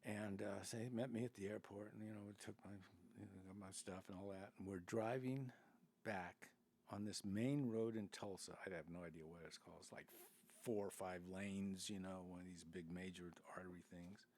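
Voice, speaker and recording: A man's voice: sits low, steady tone, normal speed, darkish tone. An older man telling rambling stories as a podcast guest, full of restarts and asides. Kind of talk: casual storytelling.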